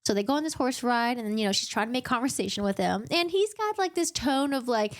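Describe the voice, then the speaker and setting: A woman's voice: fairly high pitch, animated, fast talker. A woman giving a casual, chatty book recap full of joking asides.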